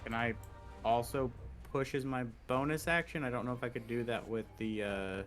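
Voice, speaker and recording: A man's voice: medium pitch, steady tone, moderate pace, fairly bright tone. Man, tabletop player, middle voice, joking casual chat, faint music behind. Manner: questioning, playful, talks over rules.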